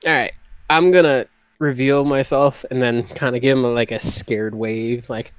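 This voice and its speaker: A man's voice: mid-range voice, steady tone, moderate pace, smooth, no room sound. A man playing a tabletop game, talking nervously and hesitantly and laughing often. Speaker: player. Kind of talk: casual tabletop game play. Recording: dry, dull lo-fi sound.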